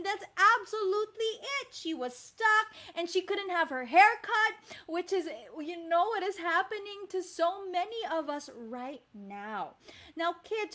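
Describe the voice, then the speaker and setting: Animated female teacher, live storytime for kids, unhurried and high-pitched. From Philippines. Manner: animated, addresses kids directly.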